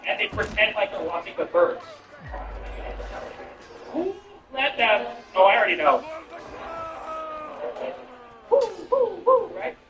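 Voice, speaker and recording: A man's voice: high-pitched, wildly swooping pitch, takes it slowly, pauses often, distant mic, lo-fi sound. A man streaming a game and chatting with viewers, a comedian with profane, rambling, incredulous banter. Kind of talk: casual gameplay chat with viewers. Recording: echoey room, off-mic, music behind.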